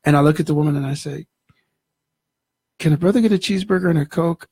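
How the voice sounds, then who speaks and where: A man, a guest in an interview, telling a story in an animated way and acting out the voices in it. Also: a little high, quick pace, slightly rough, dry recording, clean studio sound. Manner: animated, acts out dialogue in the story.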